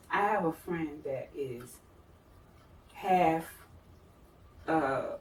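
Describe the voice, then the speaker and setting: A woman telling stories in casual chat, animated and quick to laugh. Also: lowish voice, a little hiss or hum. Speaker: guest. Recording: echoey room, mic at a distance.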